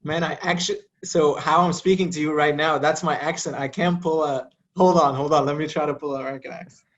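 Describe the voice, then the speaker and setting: A man in his late twenties, a native Arabic speaker, chatting as a podcast guest in a relaxed, easygoing way. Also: fairly high pitch, brisk, dull audio. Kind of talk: casual chat.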